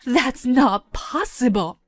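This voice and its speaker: A woman voicing a scheming older mother-in-law who is indignant and quick to shift blame. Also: fairly high pitch, expressive, no room sound, soft background music. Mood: shocked.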